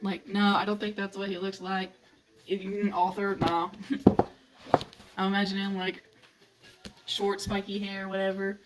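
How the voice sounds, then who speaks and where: In a casual vlog, a young adult woman with a medium-pitched voice talks a little slowly and pauses often as she raves about books she loves. She gushes, giggles, and retells things with animation; the slightly distant mic picks up faint background noise.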